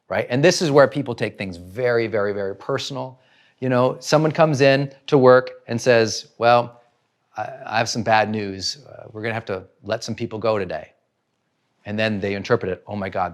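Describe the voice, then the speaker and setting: A middle-aged man, a personal growth trainer, giving a motivational talk, full of rhetorical questions and acted-out inner voices. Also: medium pitch.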